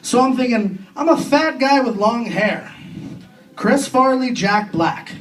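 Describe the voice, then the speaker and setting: High-voiced Canadian stand-up comic, distant club. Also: male voice, a bit bright. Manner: crude, self-deprecating punchlines with quick voiced impressions. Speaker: stand-up comedian. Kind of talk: stand-up comedy set. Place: comedy club stage with an audience. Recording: distant club recording with faint room noise.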